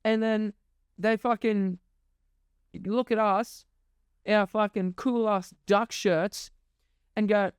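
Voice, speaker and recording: Young male host, exasperated sarcastic monologue, clean crisp delivery, dry booth sound. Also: high-pitched, steady tone, takes it slowly, pauses often, no room sound. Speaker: podcast host. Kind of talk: ranting monologue.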